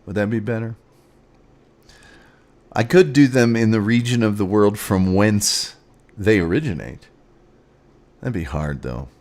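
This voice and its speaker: A man's voice: on the low side, unhurried, long pauses, a little mellow. A man hosting a casual sports show, rambling through scores with sarcastic asides. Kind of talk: casual sports commentary and rants.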